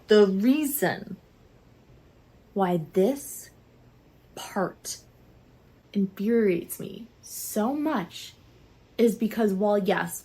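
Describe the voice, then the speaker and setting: A young woman vlogging a casual, animated book review, chatty and quick to laugh. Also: mid-range voice, husky.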